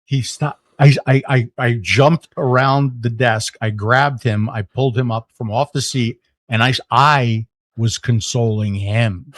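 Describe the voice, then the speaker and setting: A middle-aged man, a podcast guest, telling a story in casual conversation, animated, with lots of fillers and restarts. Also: medium pitch, measured pace, few pauses, dry recording.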